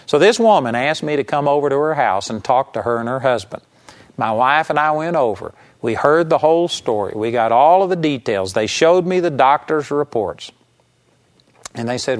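A middle-aged man preaching, telling a story from his ministry and acting out what he and others said. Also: normal speed. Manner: animated, quotes himself with rising pitch. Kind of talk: sermon storytelling.

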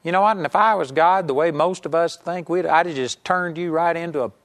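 A man's voice: fairly high pitch, brisk, a bit bright. A man giving an earnest, conversational Bible teaching, talking straight to his listeners with emphatic asides. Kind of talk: teaching sermon.

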